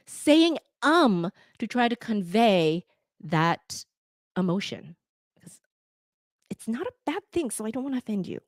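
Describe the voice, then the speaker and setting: A woman from Canada with a North American accent, a podcast editor talking to listeners in a lively, conversational way with fillers. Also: on the high side, dry recording, clean studio sound. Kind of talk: talk to listeners.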